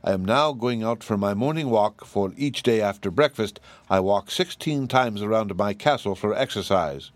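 A man's voice: lowish voice, expressive, normal speed, few pauses, no echo, close to an everyday voice. A man reading aloud, voicing a domineering, gloating female giantess witch in a storybook. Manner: domineering, pleased with her power.

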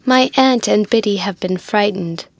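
A calm but anxious young woman, voiced by a woman reading aloud. Her voice rises a little, and the recording is dry and close. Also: mid-range voice, moderate pace, gravelly, no room sound, lightly acted.

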